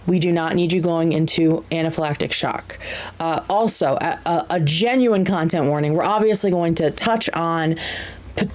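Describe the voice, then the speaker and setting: A woman's voice: sits low, moderate pace, darkish tone, low-quality recording. A woman hosting a live-streamed podcast, chatting casually and animatedly, with many fillers and restarts. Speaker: podcast host.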